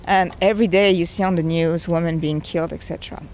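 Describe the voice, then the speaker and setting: Quick-paced and steady in tone, this woman's lowish voice has a slightly mellow quality. A thirty-something game creator, she speaks with earnest emotion and conviction in a conversational interview, with faint noise in the background.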